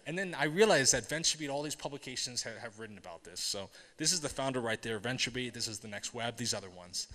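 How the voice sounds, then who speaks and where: A man with a mid-range voice tells stories from the stage of a tech event. He talks to the audience conversationally, asks them questions and checks in with a quick "right?". The sound carries a long hall reverb. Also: medium pitch, animated, sharp tone. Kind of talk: storytelling conference talk.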